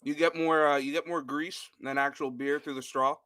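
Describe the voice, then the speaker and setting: Laid-back young man, bright voice. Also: fairly high pitch, moderate pace, dry recording. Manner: relaxed, laid-back, short replies. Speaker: guest. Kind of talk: casual chat.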